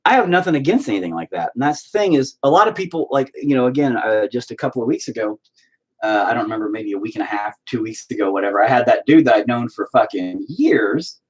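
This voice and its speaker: Man in his 40s, husky voice, lively swooping pitch, cussing, heated casual rant. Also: quick pace. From Oklahoma. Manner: profane, heated, animated storytelling.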